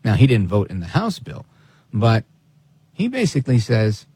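A man hosting a talk radio show, giving opinionated commentary in a sarcastic, animated way. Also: fairly low pitch, moderate pace, slightly rough. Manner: animated and sarcastic, mimics people in quoted asides.

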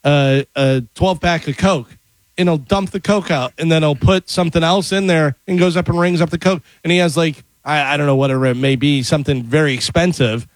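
A man's voice: a little high, steady tone, brisk, no room sound. Rambling, chuckling male radio co-host. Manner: rambling retelling with chuckles and filler words. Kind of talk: casual radio chat.

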